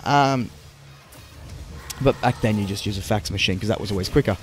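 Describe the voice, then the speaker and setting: A man's voice: lowish voice, normal speed, music in the background. Rambling, swearing young man. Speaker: let's play co-host. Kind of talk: casual gaming chat.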